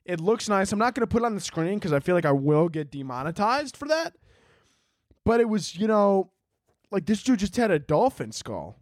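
A man's voice: sits high, big pitch swings, moderate pace, dry recording, studio quality. A young man hosting a solo podcast, rambling and joking crudely, filling his talk with "like" and "dude". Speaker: podcast host.

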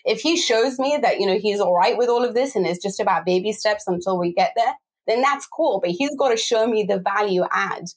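A woman hosting a football podcast discussion, talking fast and sounding exasperated, with frequent laughs. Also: mid-range voice.

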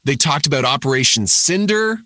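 A man's voice: medium pitch, expressive, fairly quick, bright, forceful tone, no echo. A man chatting on a podcast, rambling enthusiastically with frequent restarts. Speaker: podcast panelist. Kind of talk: casual podcast chat.

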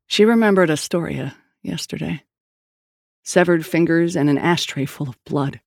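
A woman's voice: low voice, normal speed, vocal fry, no room sound, studio quality. A woman narrating a novel in clipped, terse scripted storytelling. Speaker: audiobook narrator.

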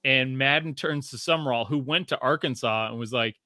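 A man's voice: medium pitch, a little fast, no room sound, clean studio sound. A man in casual chat, rambling and profane, full of fillers and restarts, voicing quotes as he tells stories. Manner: animated storytelling with voiced quotes.

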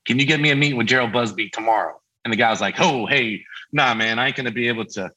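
A man's voice: mid-range voice, fast, low-quality recording. A middle-aged man telling a story in casual chat, acting out the voices of the people he quotes. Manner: lively, acts out quoted voices. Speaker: band member guest.

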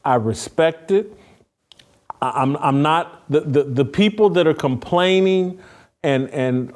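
A man's voice: a little high, expressive, slow pace, darkish tone. A man hosting a political talk show, speaking fervently with frequent restarts. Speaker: podcast host.

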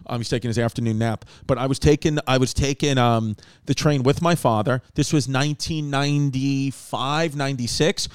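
Smooth-voiced New man telling stories. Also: medium pitch, fairly even intonation, moderate pace, few pauses, no echo, clean studio sound. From Queens, New York. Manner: rambling, with many fillers and profanity. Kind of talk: casual chat, storytelling.

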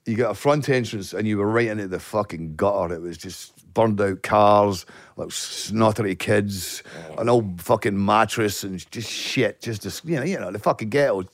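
A middle-aged Glaswegian Scottish man, a guest actor telling stories in casual podcast chat, profane and animated. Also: fairly low pitch, moderate pace, no room sound, studio quality. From Scotland.

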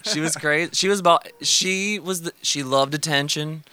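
A man's voice: on the high side, normal speed, pushed and bright, dry recording. A young man telling family stories casually on a podcast, rambling with lots of fillers and laughs. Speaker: guest.

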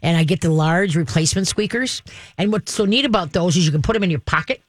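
A woman's voice: on the low side, quick pace, dry recording. A woman working as a dog trainer and host, giving advice to callers in an emphatic, chatty way. She laughs often and keeps checking in with "okay?". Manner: laughs often while explaining. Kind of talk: call-in advice show.

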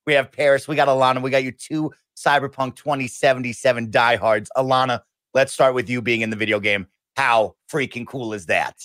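A man's voice: medium pitch, fairly even intonation, fairly quick, hardly any pauses, a bit bright, no room sound. A man hosting a podcast, introducing guests in an upbeat, playful way. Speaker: host.

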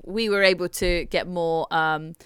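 Smooth-voiced young woman, wry. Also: fairly low pitch, measured pace, no echo. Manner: wry, laughing, expressive. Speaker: podcast co-host. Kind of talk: casual chat.

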